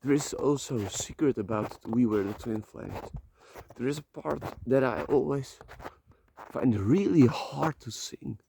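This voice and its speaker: A Dutch vlogger walks a slippery outdoor path, talking into his phone in a medium-pitched, warm voice with vocal fry at a measured pace, with slight background noise. His emotional motivational monologue is rambling and heartfelt, and he swears casually along the way.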